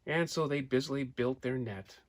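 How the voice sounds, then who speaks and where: A man reading a children's story aloud in an animated way, pointing out pictures and asking his listeners questions. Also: medium pitch, normal speed. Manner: points out pictures while telling.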